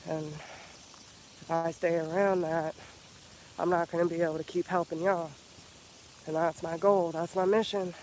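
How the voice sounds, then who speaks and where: A man giving an earnest, profane motivational talk in a casual vlog, slowing down and repeating himself for emphasis. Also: fairly high pitch, level tone, darkish tone, slight background noise, rough recording. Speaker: spiritual healer vlogger.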